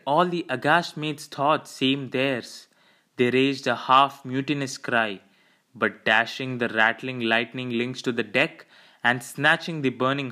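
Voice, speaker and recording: A man narrating a classic novel in a measured, dramatic storytelling manner. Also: mid-range voice, bright, forceful tone. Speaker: audiobook narrator. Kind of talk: scripted narration.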